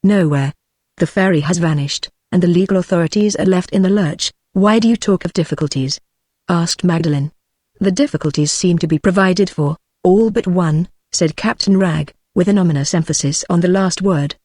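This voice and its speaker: A text-to-speech woman's voice with a British English accent, reading a classic novel aloud at a steady, measured pace without voicing the characters. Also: fairly low pitch, dry recording, clean studio sound. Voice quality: synthetic, evenly paced. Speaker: audiobook narrator.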